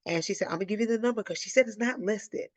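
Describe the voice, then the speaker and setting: A woman from Illinois hosting a live Q&A, telling a personal story in a casual, animated way and acting out the voices she quotes. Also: mid-range voice, fast talker, dry recording. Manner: animated, acts out quoted voices, addresses listeners as y'all. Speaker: host of a live Q&A.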